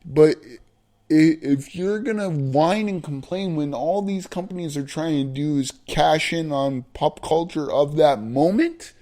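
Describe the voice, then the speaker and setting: A man ranting bluntly in an opinion vlog, profane and emphatic, slowing down to hammer his points. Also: a little high, warm tone. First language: not American. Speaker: vlogger.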